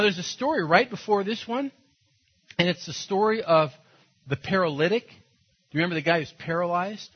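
A male pastor preaching a sermon, retelling a Bible story in a lively, storytelling way and acting out the characters' lines. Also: high-pitched, breathy edge, highs cut off. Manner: animated storytelling with acted-out voices and laughs.

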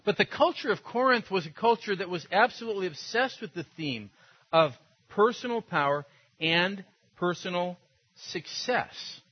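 With a high, husky, expressive voice at a moderate pace, this male pastor delivers a chatty, story-driven sermon full of laughter and filler. The sound is dull and lo-fi.

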